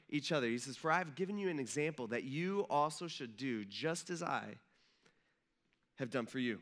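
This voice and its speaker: A man's voice: a little high, lively intonation, normal speed, a bit bright. A young adult male pastor preaching a casual, storytelling sermon, acting out the voices of people in the story.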